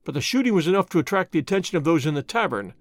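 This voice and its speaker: Lively man narrating an audiobook. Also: on the high side, racing, no room sound.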